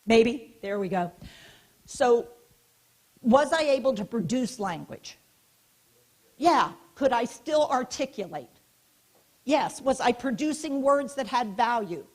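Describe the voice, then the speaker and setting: A woman giving a keynote talk at a conference. She speaks in an animated, directive way, asking the audience questions and guiding them through hand gestures, with a small mic worn near her neck. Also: fairly high pitch, slow pace, pauses often. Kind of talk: interactive conference lecture. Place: conference hall stage.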